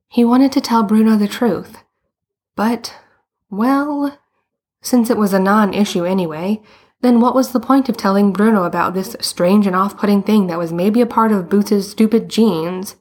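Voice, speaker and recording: A woman reading a story aloud as narrator, with a calm and steady delivery. Her pitch sits in the middle range, neither high nor low. She narrates without hurry. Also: a little slow, breathy edge. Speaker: audiobook reader.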